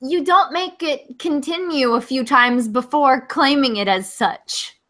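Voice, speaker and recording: High-voiced woman with dry, teasing sarcasm. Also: unhurried, fairly bright tone. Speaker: podcast co-host. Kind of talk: casual comedic chat.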